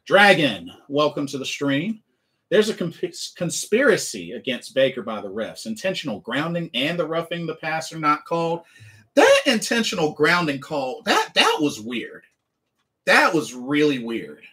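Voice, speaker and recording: A man's voice: on the high side, very animated, measured pace, bright, forceful tone. A man streaming a sports game recap, talking emphatically and repeating the same phrases again and again. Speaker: livestreamer and sports fan.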